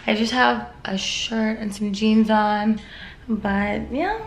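A woman in her twenties chatting excitedly and nervously in a casual vlog. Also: medium pitch, takes it slowly, background noise. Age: 20s. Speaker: vlogger.

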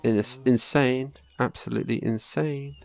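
A man's voice: medium pitch, fairly even intonation, a little slow, creaky, fairly bright tone. A young man muttering to himself and swearing casually while commenting on his own gameplay. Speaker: gaming YouTuber. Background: faint game music.

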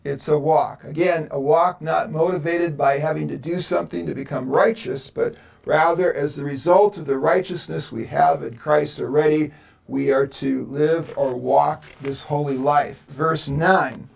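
Slow, gravelly man teaching scripture. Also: fairly high pitch, steady tone. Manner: slow, halting explanation with many fillers. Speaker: seminary professor. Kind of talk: Bible lecture podcast.

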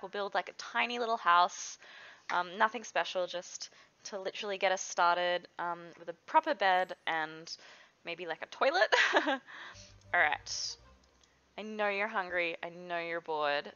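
A young woman who hosts gaming videos chats casually through a life-sim game, giggling and talking to her characters as she plays. Her voice is fairly low-pitched and sharp at a normal speed, and the audio sounds dull.

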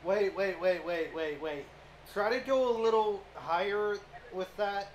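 High-voiced teen boy on a noisy mic. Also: unhurried. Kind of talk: casual online group chat.

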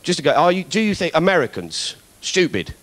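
A man's voice: on the high side, big pitch swings, fairly quick, fairly bright tone. A man doing stand-up political comedy, ranting in mock indignation with plenty of swearing. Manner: acts out other people's voices.

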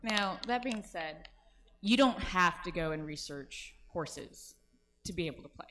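A woman's voice: lowish voice, expressive, unhurried, sharp tone, a little hiss or hum. A woman speaking as a convention panelist in casual discussion, explaining and laughing often. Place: large convention hall.

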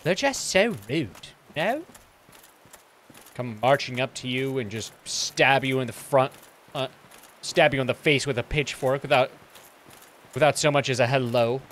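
A man's voice: mid-range voice, steady tone, unhurried, pauses often, fairly bright tone, a little hiss or hum. A man streaming a video game, joking and swearing through casual commentary in a put-on British accent. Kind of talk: live gameplay commentary.

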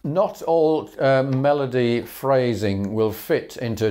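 In this instructional fiddle lesson, the man's mid-range voice moves at a slow pace. He explains patterns easily and conversationally, adding chuckles and fillers and counting each bow aloud.

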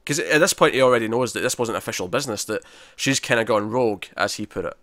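A man's voice: mid-range voice, expressive, fast, fairly bright tone, no room sound. A man co-hosting a podcast, recapping a drama episode in a chatty, rambling way and acting out quotes. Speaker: podcast co-host. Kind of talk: casual TV review recap.

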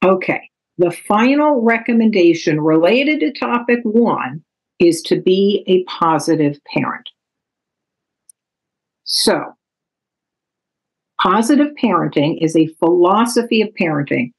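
A woman author giving a calm, measured, instructive talk that explains parenting strategies from her book. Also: on the low side, slightly rough, rough recording.

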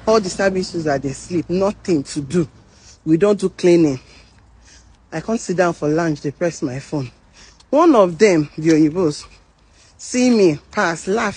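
A woman's voice: on the low side, husky, rough recording. A Nigerian woman with a Nigerian accent, casually telling a personal work story in a mix of Pidgin and English, acting out the people she quotes. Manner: animated, mimics voices in quotes. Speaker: nurse sharing her story.

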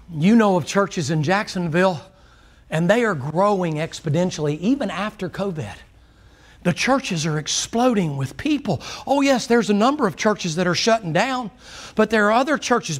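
A man, a pastor preaching a folksy, joking sermon that swings between loud and low.

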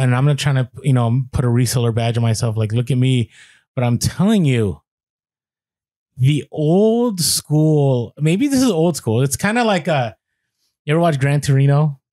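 A man co-hosting a podcast, telling an animated story with quoted voices and many restarts. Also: medium pitch, moderate pace, no room sound. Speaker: podcast co-host.

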